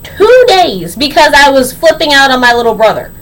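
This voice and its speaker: An eighteen-year-old woman telling a story on her vlog in a sassy, slangy, animated way. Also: sits high, normal speed, slight background noise, poor audio. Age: young adult. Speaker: vlogger.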